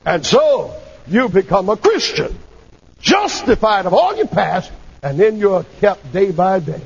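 An impassioned man preaching a sermon. He has a high, swooping voice and calls out for amens between sudden shouts. The tone is husky and the recording sounds dull and lo-fi. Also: very animated, normal speed.

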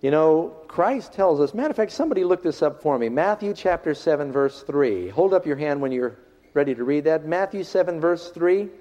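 A man preaching a sermon to a congregation, swinging from loud, ringing passages to hushed ones. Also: on the high side, expressive, a little fast. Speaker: pastor. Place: large hall, in front of a congregation. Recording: dull lo-fi recording in a reverberant hall.

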